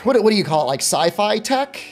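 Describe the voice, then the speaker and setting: Man, game streamer, casual chat with viewers, joking, lively pitch, faint music behind. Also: a little fast. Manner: chatty and loose, joking with viewers.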